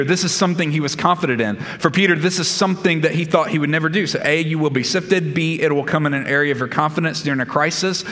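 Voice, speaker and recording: Emphatic pastor preaching, higher voice. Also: male voice, fairly bright tone. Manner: emphatic, repeats key phrases, numbered points. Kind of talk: sermon. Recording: long reverb of a large hall.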